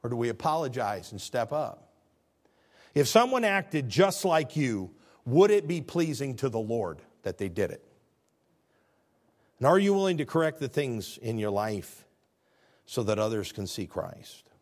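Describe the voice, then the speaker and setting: A man preaching a sermon as pastor, talking conversationally and swinging from low, quiet stretches to loud, high ones. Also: very animated, unhurried, long pauses.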